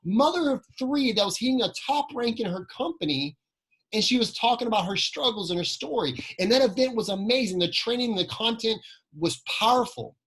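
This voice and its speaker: A man's voice: extremely high pitch, animated, brisk, fairly bright tone, slightly rough, low-quality recording. A man giving a motivational training talk, telling personal stories, asking the audience questions and repeating key phrases.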